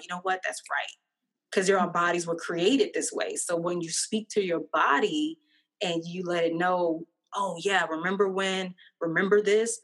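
Brief: woman, slightly low voice, sincere and reflective, casual faith chat. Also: a bit bright. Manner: earnest and reflective, speaks of God and joy.

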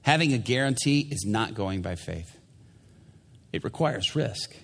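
A male pastor delivers a sermon, his voice sitting a little low. He tells a story with animation and acts out each person in it. A long reverb trails his words through the church. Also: measured pace, vocal fry. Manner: animated storyteller, acting out quoted people.

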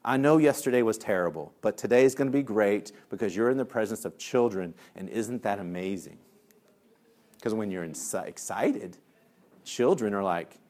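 Animated man telling classroom stories. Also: mid-range voice, a little slow. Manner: lively storyteller who acts out voices; laughs at his own jokes. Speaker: parenting and discipline trainer. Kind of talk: animated workshop talk with stories.

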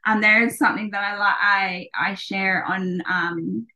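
A woman's voice: medium pitch, steady tone, a little slow, pushed and bright. A woman in her thirties, a podcast guest, talking casually with many ums and restarts.

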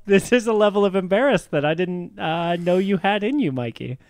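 A man's voice: high-pitched, animated, brisk, darkish tone, clean tone, no echo. Upbeat man joking as a game player. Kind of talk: casual chat at a game table.

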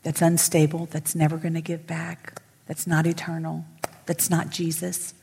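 A middle-aged woman pastor, preaching emphatically to women and swinging from loud to whispered. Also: low-pitched, monotone, normal speed, gravelly, husky, in a large hall. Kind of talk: sermon to women. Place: church sanctuary.

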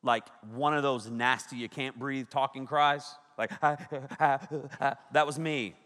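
Bright-voiced youth pastor in a reverberant hall. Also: male voice, mid-range voice, unhurried. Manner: animated storytelling, shouting quoted lines, frequent laughs. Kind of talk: youth sermon. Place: large hall with a big audience. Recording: echoey hall with long reverb.

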